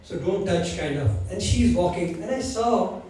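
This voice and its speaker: A man's voice: sits high, moderate pace. A man tells stories, acting out each exchange and laughing along. He is heard from a distant mic in a very echoey hall with faint background noise. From India. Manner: animated, acts out quoted dialogue, laughs at his own stories. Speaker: values speaker. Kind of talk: anecdotal storytelling talk.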